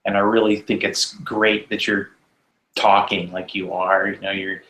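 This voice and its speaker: A man hosting a talk show, speaking gently and supportively with many fillers. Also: fairly low pitch, flat delivery, measured pace, echoey room, rough recording. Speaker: podcast host. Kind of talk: casual chat.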